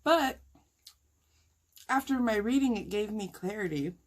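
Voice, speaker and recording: A woman's voice: medium pitch, lively intonation, unhurried. A woman talking casually and heartfelt to her viewers while eating, emotional and sighing at times. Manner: talks with food in her mouth. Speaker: mukbang vlogger.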